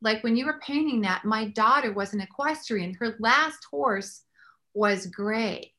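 Bright, animated woman host. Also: on the high side, unhurried. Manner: animated storyteller, prays aloud. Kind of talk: faith talk show interview.

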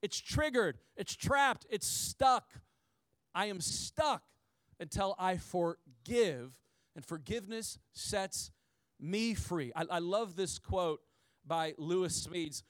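Man, pastor, lively conversational sermon, fairly high voice, dry close sound. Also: slow pace, dry recording. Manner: conversational and animated, with frequent asides to the congregation; repeats key phrases for emphasis.

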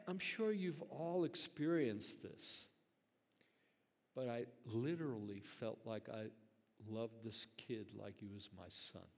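A man's voice: medium pitch, vocal fry, darkish tone. An older man, a grandfather and pastor, telling a story in a conversational, earnest sermon full of fillers. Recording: long hall reverb.

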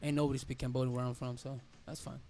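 A man's voice: mid-range voice, little pitch movement, fast, dark tone. A man guesting on a podcast, telling stories in loose, slangy casual chat and laughing often. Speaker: band member guest.

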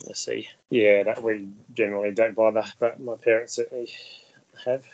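A man's voice: fairly low pitch, flat delivery, normal speed, a little mellow, highs cut off. A man co-hosting a podcast, chatting casually with dry remarks. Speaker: podcast co-host.

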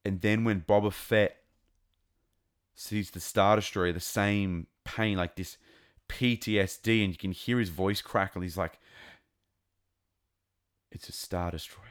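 A man giving a casual, rambling and excitable review of a TV episode. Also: fairly low pitch, a little slow. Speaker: show reviewer.

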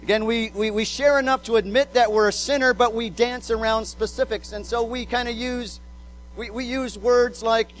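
A male pastor delivers a sermon in a notably high voice. He is emphatic, stumbles and repeats words as he presses his points, and slips into acted quotes. A faint mains hum sits under the recording. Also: steady tone, normal speed, a bit bright, poor audio.

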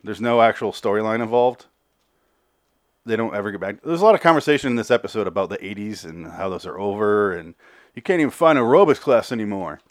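A man's voice: lowish voice, lively intonation, fast, dry recording, clean studio sound. A man hosting a podcast, casually recapping and reviewing a TV episode, out of breath, profane and rambling. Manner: profane, rambling, repeats words when restarting. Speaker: podcast host.

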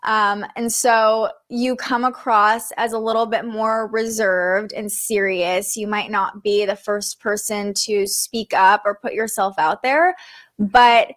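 A woman's voice: medium pitch, fairly even intonation, slow pace, a bit bright. A woman hosting a spiritual interview livestream, upbeat and enthusiastic, in her thirties. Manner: bubbly, enthusiastic. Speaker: host.

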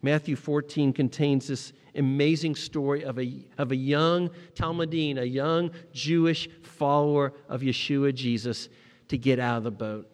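A middle-aged man delivers a sermon in a big echoing hall, his voice sitting at an ordinary male pitch. He tells stories from his own life, swelling to emphatic peaks and sinking into quiet, tender stretches. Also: steady tone, a little slow. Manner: storytelling, rising to emphatic peaks and dropping to quiet moments. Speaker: pastor.

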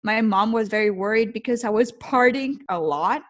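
A woman's voice: on the high side, moderate pace. Chatty young Mexican woman telling her story. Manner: chatty, with frequent restarts and switches into Spanish. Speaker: interview guest. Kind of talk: casual personal storytelling.

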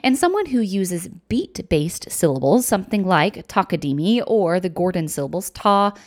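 A woman hosting a music education podcast, explaining ideas clearly and step by step. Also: lowish voice, big pitch swings, moderate pace, a little mellow.

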